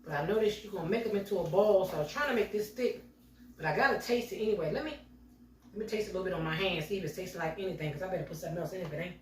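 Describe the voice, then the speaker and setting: A woman's voice: on the low side, very fast, slight background noise. A middle-aged woman telling a story to her viewers in a casual, chatty way while she cooks at home. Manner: chatty, talks straight to viewers as y'all. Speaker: home cooking vlogger. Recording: roomy sound from a distance.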